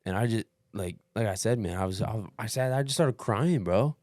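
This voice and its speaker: Here the same kind of storyteller, a man with a fairly low pitch, walks through his race at a moderate pace on a casual podcast. His retelling is profane and lively, full of acted-out quotes and constant dudes and bros. The sound is clean studio audio without echo.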